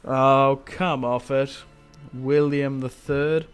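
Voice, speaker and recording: Young male gaming host, relaxed chatty play-by-play, average pitch, quiet game music underneath. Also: drawn-out words, clear, resonant tone. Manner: chatty, reacts loudly to setbacks, self-mocking laughs. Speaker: gaming YouTuber. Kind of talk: casual gameplay commentary.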